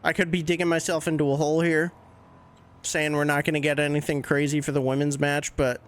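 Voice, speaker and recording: A man with a fairly high voice hosts a laid-back podcast. He talks in a chatty, candid way, with the odd swear word dropped in. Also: little pitch movement, a little fast. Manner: chatty, candid fan opinions with casual swearing. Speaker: podcast host. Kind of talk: casual wrestling commentary podcast.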